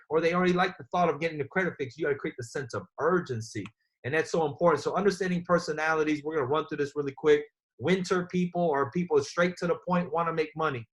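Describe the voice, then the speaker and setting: A man hosting a sales training call, energetic and coach-like, talking straight to his team. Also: on the high side. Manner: energetic, coach-like, talks to listeners as guys.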